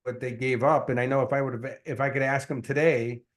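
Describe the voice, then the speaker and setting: A man, a success coach and guest, telling his story in an earnest, animated way, with many fillers. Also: medium pitch, fairly quick. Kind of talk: casual interview storytelling.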